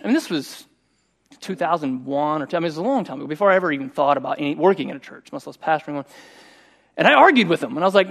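A middle-aged man preaching a sermon, telling a personal story in a conversational, animated way. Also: fairly high pitch, fast. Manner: conversational and animated, voicing quoted speech. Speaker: pastor.

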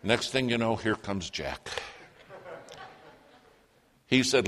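A man's voice: on the low side, lively intonation, takes it slowly, pauses often, fairly bright tone, big-room sound. A man preaching a sermon, telling a personal story and quoting others in his own plain voice.

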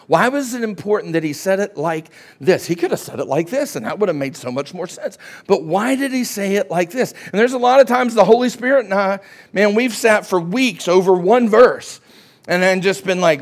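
A man preaching a sermon as pastor, often asking "Amen?" and rising to a shout at his climaxes. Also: high voice, expressive, moderate pace.

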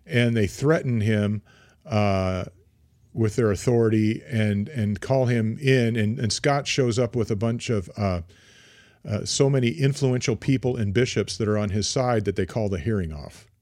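A man's voice: on the low side, normal speed, darkish tone, no room sound. Male podcast co-host, chatty storyteller, frequent restarts, dry studio sound. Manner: rambling, many fillers and restarts. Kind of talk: casual history chat.

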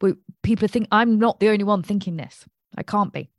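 A woman's voice: medium pitch, fairly quick, dry recording, clean studio sound. A woman with a British accent, an astrologer hosting a casual livestream, rambling and thinking aloud as she talks. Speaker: astrologer host.

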